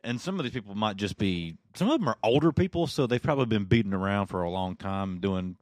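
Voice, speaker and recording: A man co-hosting a podcast in casual chat, calmly walking through a film's plot. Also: fairly low pitch, fast talker, no room sound. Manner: laid-back, recounting plot. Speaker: podcast co-host.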